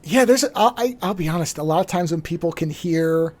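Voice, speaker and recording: A man co-hosting a podcast, talking in a halting casual way with many restarts. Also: on the high side, lively intonation, darkish tone. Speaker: podcast co-host. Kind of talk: casual chat.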